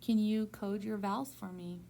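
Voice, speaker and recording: Patient woman tutoring phonics, gravelly. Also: medium pitch, fairly even intonation, normal speed, mellow, a little hiss or hum. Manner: patient, encouraging, step-by-step prompting. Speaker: reading teacher.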